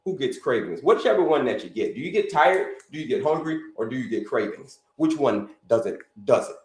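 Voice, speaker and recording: A man's voice: medium pitch, sing-song, fairly quick, darkish tone, echoey room, low-quality recording. A man hosting a live health stream, talking casually, repeating himself, calling listeners "folks" and asking them to type in the chat. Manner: repetitive, addresses listeners as folks, asks them to put answers in the chat.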